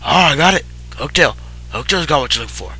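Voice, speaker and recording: Casting: cranky old turtle villager, voiced by a man, pitched up, brassy, old-timer drawl. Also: lively intonation, quick pace, sharp tone, husky, exaggerated voice. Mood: suspicious. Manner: dramatic, indignant, old-timer phrasing. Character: fretful suspicious old male Koopa turtle villager. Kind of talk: voicing game dialogue during a let's play.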